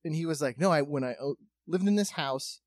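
This man's voice runs on the high side and moves a little fast as he tells a lengthy tale in loose, comedic conversation. He's profane and lively, voicing other people's lines as he goes. The audio has no echo.

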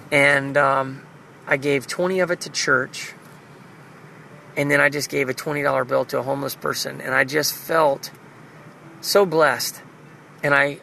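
A man's voice: fairly high pitch, creaky, fairly bright tone, rough recording. A man recording an earnest, reflective spiritual video diary, speaking prayerfully about his faith. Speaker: video diarist. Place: car.

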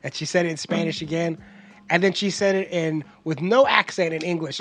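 Gravelly, bright-voiced man telling stories. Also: fairly high pitch, a little fast, dry recording. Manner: profane, animated storyteller. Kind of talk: casual chat.

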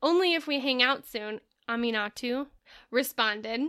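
A woman's voice: a little high, a little slow, pushed and bright, smooth. A woman co-hosting a podcast, reading a passage aloud and chatting with enthusiasm. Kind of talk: casual chat, reading aloud from a book.

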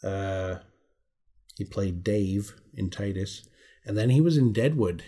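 Low-voiced man reading film credits. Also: animated, slow, dark tone, slightly rough. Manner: reads off actor credits, swears casually. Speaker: podcast co-host. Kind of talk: casual chat.

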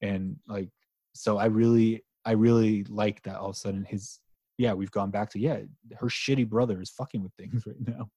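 Husky mellow-voiced man chatting animatedly. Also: fairly low pitch, moderate pace, no room sound. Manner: animated, swearing, trailing restarts. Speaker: podcast co-host. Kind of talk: casual chat about comics.

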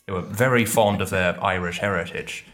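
A man's voice: deep voice, moderate pace, a bit bright. A man from England making a playful, cheeky argument on a casual podcast quiz. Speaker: podcast guest, quiz player.

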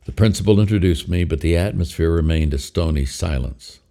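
An older man narrating a memoir in a measured storytelling way. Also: deep voice, gravelly, mellow.

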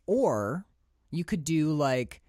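A man co-hosting a podcast, chatting casually about a film, animated and laughing often as he acts out scenes. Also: a little high, slow, no room sound, clean studio sound. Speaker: podcast co-host.

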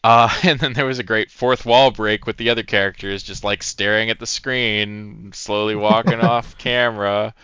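A man's voice: on the low side, steady tone, normal speed, few pauses, sharp tone, clean tone, no room sound, highs cut off. A man co-hosting a casual podcast, telling a story in a laid-back way. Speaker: podcast co-host. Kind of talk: casual chat.

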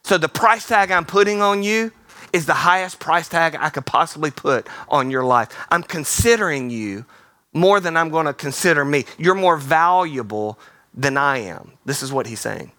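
Energetic pastor preaching. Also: male voice, fairly high pitch, no room sound. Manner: energetic, playful, acts out quick voices. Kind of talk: sermon. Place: theater.

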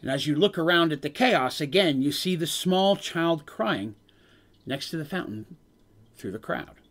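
A man's voice: a little high, expressive, a little slow, fairly bright tone. Man retelling a tabletop game. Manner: storytelling, dramatic narration with asides. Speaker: game master.

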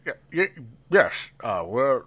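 A man's voice: mid-range voice, very animated, slow, fairly bright tone, breathy edge, heavily acted. A man doing a stammering, flustered elf barkeep. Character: nervous overweight male elf barkeep.

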